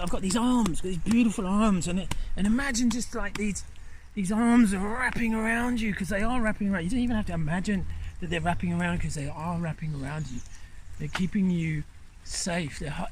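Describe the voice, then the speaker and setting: A middle-aged man filming himself in a rainy forest by a river, guiding viewers in a gentle, rambling, enthusiastic way. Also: high-pitched, a little hiss or hum. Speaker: nature guide. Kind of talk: outdoor vlog instruction. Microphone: handheld camera.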